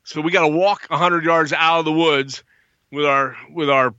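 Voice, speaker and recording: A man's voice: on the high side, moderate pace, no echo, highs cut off. A man telling a story in casual chat, acting out quotes in a raised voice. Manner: animated, acts out quotes in a raised voice.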